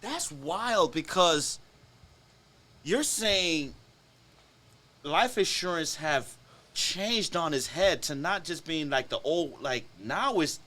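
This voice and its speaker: A man's voice: a little high, expressive, takes it slowly, long pauses, sharp tone. A man hosting a podcast, chiming in with short agreements during casual conversation. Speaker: podcast host.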